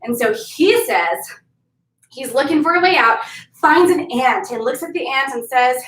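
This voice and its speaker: A woman's voice: high-pitched, lively intonation, unhurried, a bit bright. A woman fitness instructor leading a workout class and telling a story, upbeat as she counts out moves. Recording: roomy, from mic distance.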